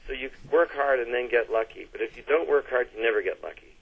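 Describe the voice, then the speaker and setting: A middle-aged man with a Canadian accent tells stories as an interview guest, circling back and restarting as he goes. His voice sits at an ordinary pitch. It comes through a tinny, phone-like line. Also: quick pace, gravelly, husky. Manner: chatty storyteller, restarts and fillers, laughs easily. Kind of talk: casual interview chat.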